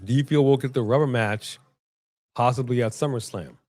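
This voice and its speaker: A man's voice: medium pitch, fairly quick, a little mellow, no echo. A man co-hosting a live wrestling watch-along, calling the action and joking in casual banter. He is from Los Angeles. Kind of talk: casual live-stream commentary.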